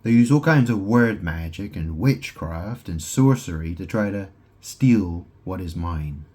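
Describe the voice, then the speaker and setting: A man with a deep, darkish voice records a rambling monologue at home as a solo vlogger, speaking animatedly and a little slowly. He wanders through wordplay and keeps tossing in "right?" asides.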